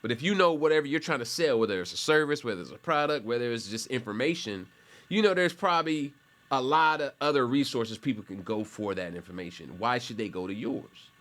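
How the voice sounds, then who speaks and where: A man's voice: mid-range voice, animated, brisk, a bit bright. Rambling, conversational male instructor. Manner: conversational and rambling, with self-corrections and asides. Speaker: college instructor. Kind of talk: casual classroom explanation while screen sharing.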